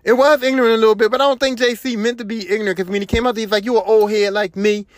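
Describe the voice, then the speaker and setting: A man's voice: high voice, fairly even intonation, rapid-fire, dry recording, studio quality. A young man, retelling a story on his podcast and acting out what other people said. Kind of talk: casual storytelling monologue. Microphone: home podcast mic.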